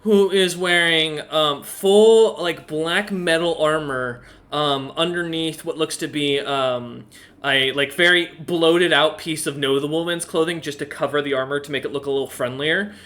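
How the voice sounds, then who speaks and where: A man's voice: on the high side, measured pace, a bit bright. A man narrating as game master in a tabletop game, hesitant with many fillers. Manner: hesitant, lots of ums and uhs.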